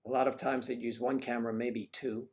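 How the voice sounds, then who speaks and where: A man's voice: medium pitch, little pitch movement, fairly quick, darkish tone. A man hosting a casual livestream, chatting in a rambling way with lots of asides to his viewers. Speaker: livestream host. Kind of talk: casual chat.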